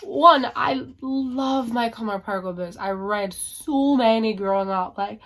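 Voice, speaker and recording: A woman's voice: fairly high pitch, measured pace, a bit bright. A woman book vlogger talking casually to camera at home, chatty and frank, rambling through her reading plans.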